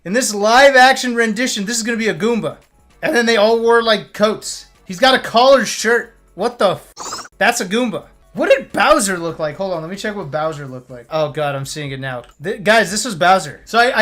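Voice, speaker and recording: A young man with a fairly high-pitched voice rants on a live stream. He is blunt and sarcastic, and he swears freely in a casual tone. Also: fairly bright tone.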